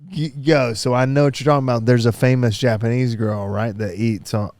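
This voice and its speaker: A man co-hosting a combat sports podcast, riffing and joking in relaxed chat, recorded on the mats of a martial arts gym. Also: medium pitch, fairly quick, no echo, studio quality. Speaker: podcast co-host. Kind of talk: casual chat.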